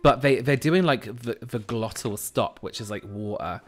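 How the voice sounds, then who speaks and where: A man's voice: medium pitch, normal speed, soft background music. A man from the West Country of England, chatting casually while streaming a game, rambling and often breaking off mid-sentence. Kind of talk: casual chat while gaming.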